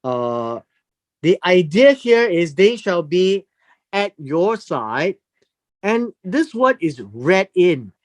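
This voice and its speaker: A Bible teacher giving a verse-by-verse lesson, explaining word meanings deliberately and emphatically, often repeating phrases. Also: mid-range voice, sing-song.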